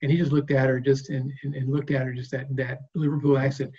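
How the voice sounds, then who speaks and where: A man in his sixties, a guest bass player, telling stories in an interview in a relaxed, rambling way. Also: quick pace, breathy edge, dull audio. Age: 60s. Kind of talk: interview storytelling.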